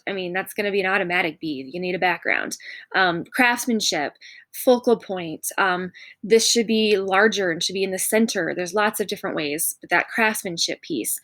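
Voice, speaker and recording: With a mid-range, fairly bright voice on a dry recording, a woman teaching art reviews student examples in a recorded lesson. She stays encouraging, pointing out each one in turn and repeating the word "notice."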